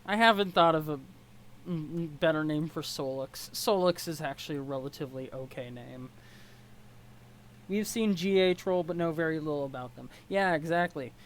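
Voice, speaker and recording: A woman's voice: low-pitched, normal speed, low-quality recording. A woman doing a casual read-along of a web comic, chatty and rambling with self-corrections.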